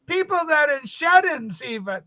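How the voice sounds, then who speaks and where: A man hosting a casual livestream chat, bossy and animated as he steers the talk. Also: extremely high pitch, normal speed, dull audio, a loud crowd. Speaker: livestream host.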